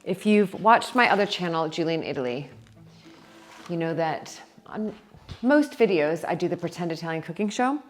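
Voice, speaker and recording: An American woman chatting casually to viewers in a vlog, excitable as she shows her kitchen garden. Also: lowish voice, moderate pace, soft background music. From United States. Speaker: vlogger.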